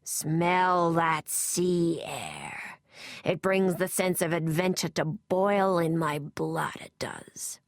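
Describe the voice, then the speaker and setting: A woman's voice: fairly low pitch, fairly even intonation, slow pace, fairly bright tone, no echo, clean studio sound. Woman doing a grown man's growly mock sailor voice. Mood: hammy. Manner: growling mock seaman's accent. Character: playful grown man faking a gruff sailor.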